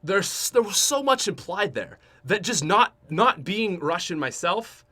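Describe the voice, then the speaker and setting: Animated, bright-voiced young Canadian man. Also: sits high, measured pace. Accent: Canadian English. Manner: rambling, many fillers and restarts. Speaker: podcast host. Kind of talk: casual storytelling.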